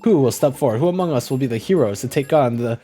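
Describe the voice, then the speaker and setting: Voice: medium pitch, animated, fast, dark tone, soft background music, natural voice. A streamer voicing a commanding guild leader who rallies rescue teams.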